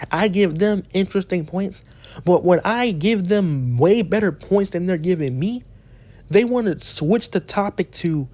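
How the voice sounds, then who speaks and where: A man's voice: high voice, a little slow, a little mellow, no echo. A man ranting as a YouTuber in a heated, profane way, often restarting his sentences. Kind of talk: ranting commentary.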